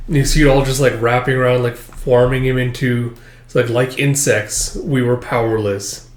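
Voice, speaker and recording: A man's voice: medium pitch, steady tone, moderate pace, slight background noise. A man casually reading through a comic chapter, rambling and using lots of filler words. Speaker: manga chapter reviewer. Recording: echoey room.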